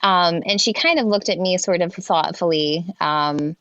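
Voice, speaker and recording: Halting low-voiced woman on a dull call line. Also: dry recording. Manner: halting, restarts often, soft laughs. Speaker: frontline nurse guest. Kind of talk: casual interview conversation.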